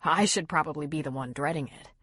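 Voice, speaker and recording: A woman voicing an earnest, slightly nervous young man in an audiobook, with a husky voice. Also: low voice, fast, a bit bright, no room sound. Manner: earnest, reassuring.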